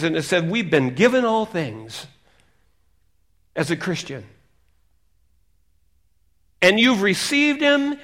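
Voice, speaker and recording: A middle-aged man preaching a sermon, reading scripture with emphasis and dropping to hushed asides. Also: high voice. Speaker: pastor.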